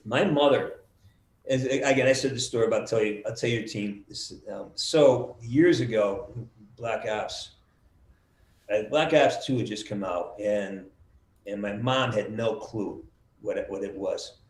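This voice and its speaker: A middle-aged man being interviewed over a video call, telling lively stories and acting out the quotes, with some swearing. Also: fairly low pitch, unhurried. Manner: animated storyteller, acts out quotes with swearing. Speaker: voice actor guest. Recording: roomy video call audio.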